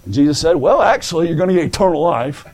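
A male preacher delivering a fervent sermon, stammering and restarting, rising to shouts. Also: on the high side, expressive, quick pace, slightly rough.

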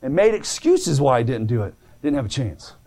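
A man preaching a sermon that answers written questions, telling folksy stories in plain speech and swinging between soft pleading and fervent calls. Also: mid-range voice, sing-song, normal speed. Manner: folksy plain-spoken storytelling.

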